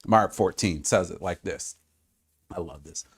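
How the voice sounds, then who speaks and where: A man preaching a sermon, swinging between loud exclamations and hushed, quiet stretches. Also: low voice, unhurried, gravelly, husky. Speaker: pastor.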